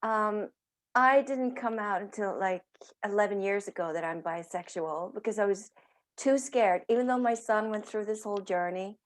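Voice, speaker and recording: Woman, from Sweden, author, candid, halting, video call panel. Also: mid-range voice. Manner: candid, searching for words.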